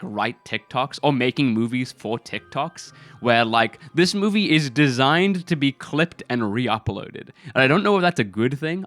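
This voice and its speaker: A man's voice: medium pitch, a bit bright, no room sound. A man giving casual film commentary in a rambling, incredulous way, with many fillers. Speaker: film review video creator.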